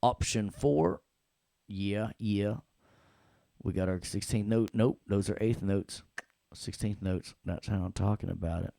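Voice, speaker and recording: A man teaching an audio software class in a playful, joking way, talking the students through each step. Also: fairly low pitch, a little slow, creaky, dry recording, clean studio sound. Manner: playful, jokey, talks to the class. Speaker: audio production instructor. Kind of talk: live classroom software tutorial.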